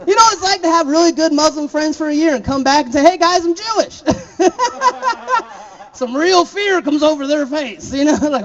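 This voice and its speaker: A man's voice: extremely high pitch, lively intonation, normal speed, highs cut off. A young man from Florida doing a stand-up set, laughing at his own jokes and throwing chatty asides to the crowd. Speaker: stand-up comedian.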